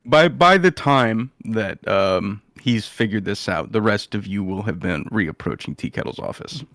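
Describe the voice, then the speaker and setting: A man's voice: lowish voice, expressive, measured pace, a bit bright, no echo. A man narrating as game master, hesitant with many fillers.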